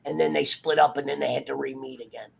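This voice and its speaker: A man in casual, heated chat, swearing freely and acting out characters in quick asides. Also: medium pitch, gravelly. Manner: profane, animated, acts out characters in quick asides. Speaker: guest on a TV review talk show.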